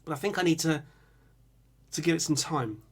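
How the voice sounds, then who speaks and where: A man's voice: a little high, normal speed, husky. A young man, hosting a music channel and chatting casually while reading out viewers' song picks. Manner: animated, bursts into singing and screaming riffs. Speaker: music reaction channel host.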